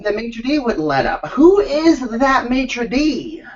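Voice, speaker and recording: A man's voice: extremely high pitch, very animated, slow, far from the mic. A man co-hosting a recap show, chatting with sarcastic, mocking asides and giggles. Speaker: co-host of a reality TV recap show. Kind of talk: casual chat. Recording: dull sound, off the mic.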